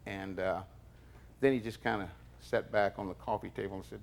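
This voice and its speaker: Animated man telling a story. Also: lowish voice, a little fast, creaky, a little hiss or hum. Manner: animated storyteller, acts out quotes with sudden loud bursts. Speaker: interviewee, former bodyguard. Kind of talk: storytelling anecdote.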